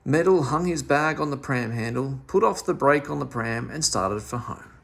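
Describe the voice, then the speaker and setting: Gravelly, expressive male storyteller. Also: mid-range voice, normal speed. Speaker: storybook reader. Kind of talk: children's story read-aloud.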